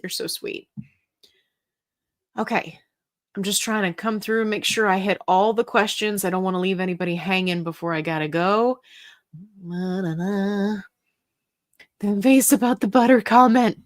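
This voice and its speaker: A woman's voice: medium pitch, fairly even intonation, moderate pace, pauses often. Chatty woman reading out live chat. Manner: chatty and goofy, reads comments aloud, plays with voices. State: getting tired. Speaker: host answering live chat questions. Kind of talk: casual livestream chat.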